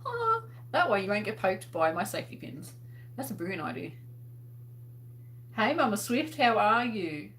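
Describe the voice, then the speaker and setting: A woman's voice: medium pitch, very animated, normal speed, long pauses, a bit bright, a little hiss or hum. A woman with an Australian accent hosting a casual livestream. She chats and laughs and uses lots of fillers as she answers viewers' comments. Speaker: host.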